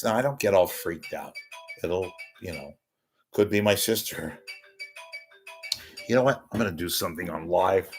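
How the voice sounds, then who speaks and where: Deep-voiced man rambling on a live show. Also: a bit bright. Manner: meandering, self-interrupting, wisecracking. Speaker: host of a live talk show. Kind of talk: rambling live solo talk.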